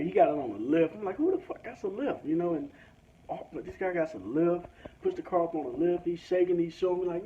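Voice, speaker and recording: A man's voice: a little high, fairly quick. A man telling a story as a rant, swearing freely and acting out both sides of the conversation. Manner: profane, animated, acts out both sides of conversations. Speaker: vlogger. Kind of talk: ranting storytelling. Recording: dull lo-fi sound with faint background hiss.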